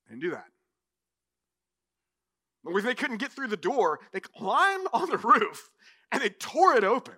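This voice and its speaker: A man with a high, bright voice preaches to his church. He talks in a loose, conversational way, full of "like" and quick asides. His delivery stays animated and easygoing. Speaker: pastor. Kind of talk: sermon.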